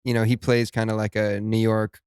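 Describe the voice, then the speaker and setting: A young man with a low, smooth voice tells relaxed stories on a podcast. He often restarts his sentences as the chat moves along. The sound is dry and close. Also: brisk, dry recording. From Italy and Arizona. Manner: relaxed storytelling with frequent restarts and laughs. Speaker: podcast guest. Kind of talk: casual chat.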